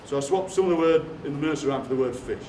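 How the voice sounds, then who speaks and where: A middle-aged man with a Barnsley Yorkshire accent telling quick, jokey stories to a live audience as a performance poet. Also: on the high side, dark tone. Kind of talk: comic storytelling on stage. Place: theatre stage before a live audience. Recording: roomy, distant theatre recording with noise.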